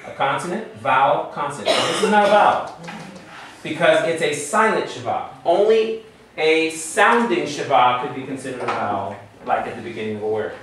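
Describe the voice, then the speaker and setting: A man's voice: on the high side, big pitch swings, normal speed, fairly bright tone, slight background noise. Man teaching a class in an echoey room. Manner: explains step by step, quizzes students. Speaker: Hebrew teacher. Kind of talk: classroom lesson. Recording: very echoey room, far from mic.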